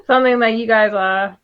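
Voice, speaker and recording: A woman co-hosting a casual movie review chat, animated and swearing often. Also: on the high side. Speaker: podcast co-host. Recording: dull lo-fi audio.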